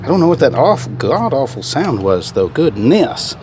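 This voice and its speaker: A man's voice: medium pitch, very animated, normal speed, over music. A man chatting casually to viewers while he works on an old car in his garage. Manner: folksy, chatty, talks to viewers while working. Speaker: car restoration vlogger. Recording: noisy garage with engine and tool sounds.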